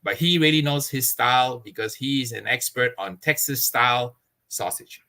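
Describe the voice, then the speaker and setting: A man's voice: medium pitch, normal speed, sharp tone. A man, a barbecue pitmaster, chatting as an interview guest, earnest and expansive, laughing often. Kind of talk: casual interview chat.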